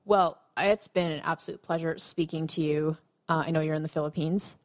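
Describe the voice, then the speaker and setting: A woman's voice: low voice, steady tone, brisk. A woman, hosting a casual podcast interview and laughing along. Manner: friendly, laughing, informal. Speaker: podcast host.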